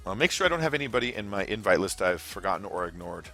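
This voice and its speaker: A man's voice: deep voice, big pitch swings, fast, pushed and bright. A young American man chatting casually while hosting a game live stream, rambling and laughing at his own jokes. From United States. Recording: faint background music.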